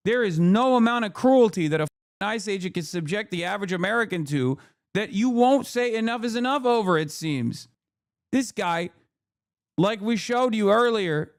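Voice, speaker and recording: This is a man with a fairly high-pitched voice who is in the middle of a livestream commentary. He rants hotly and swears freely while he answers and argues with his chat. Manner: heated, profane ranting. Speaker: streamer.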